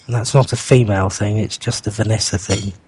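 A man's voice: on the low side, fairly even intonation, brisk, background noise. A man co-hosting a hobby podcast, chatting in a rambling, distracted way while he works on a model. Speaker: podcast co-host. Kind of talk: casual chat.

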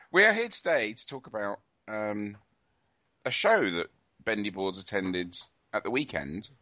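A man's voice: on the low side, lively intonation, a little slow, long pauses, sharp tone. A man hosting a podcast in casual chat, playful and teasing, often laughing. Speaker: podcast host.

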